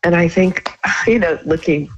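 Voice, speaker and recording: A woman calling in to a radio show, speaking haltingly and with feeling, often restarting her sentences. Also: on the low side, darkish tone, lo-fi sound. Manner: halting, emotional, with many restarts. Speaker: caller. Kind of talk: phone-in call on a radio show.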